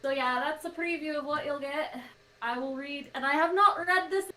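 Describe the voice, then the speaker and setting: A woman co-hosting a charity podcast livestream, giggly and excitable with quick jokey asides. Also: high-pitched. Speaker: podcast co-host on a charity stream. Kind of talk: casual livestream chat.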